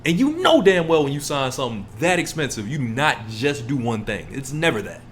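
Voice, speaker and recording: Animated, profane man ranting on a podcast. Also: fairly quick, slight background noise. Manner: profane, animated, mimics others in low mumbling asides. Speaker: podcast co-host. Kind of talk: heated casual podcast rant.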